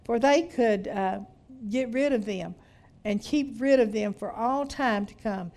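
A woman's voice: a little high, unhurried, darkish tone. A middle-aged woman teaching a women's Bible study, reading from a book and commenting with hallelujahs. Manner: reads aloud from a book and comments, with frequent hallelujahs and laughter.

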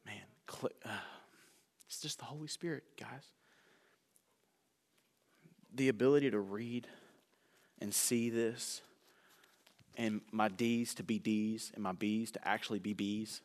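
A man preaching a sermon in a church sanctuary, a self-described fast talker who slows down for emphasis and swings from loud bursts to hushed asides. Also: fairly low pitch, steady tone. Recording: echoey church hall reverb.

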